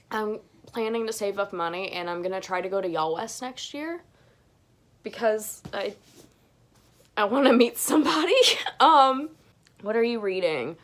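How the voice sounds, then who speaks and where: A young vlogger with a medium-pitched voice answers viewer questions from her bedroom at home. She's chatty and rambling, often restarting her sentences and gushing with enthusiasm.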